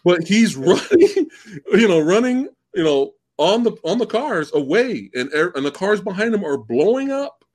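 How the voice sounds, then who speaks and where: A man guesting on a casual movie podcast, excitable and swearing casually as he gushes about films. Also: moderate pace. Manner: excitable, swings pitch wildly, swears casually.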